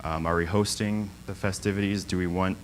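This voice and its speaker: This low-quality recording, with slight background noise, captures a young man's low-pitched, steady voice moving a little fast. He's a church guest giving a casual, story-driven sermon, chatty and full of ums, laughing often along the way.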